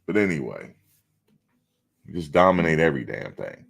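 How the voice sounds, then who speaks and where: A man's voice: extremely low pitch, very animated, normal speed, creaky, fairly bright tone, husky. A man hosting a live stream, talking casually and bluntly, outspoken and swearing freely.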